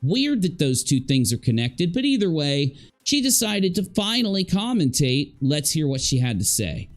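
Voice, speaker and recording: A man's voice: on the high side, sing-song, normal speed. Sarcastic man hosting a live stream. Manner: sarcastic, mocking; chatty, explaining to viewers. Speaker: streamer host.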